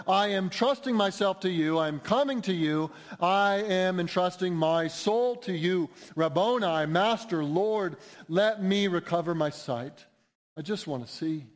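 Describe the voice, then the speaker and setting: A man preaching a sermon in an earnest, emphatic way, building to rising appeals. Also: medium pitch. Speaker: pastor.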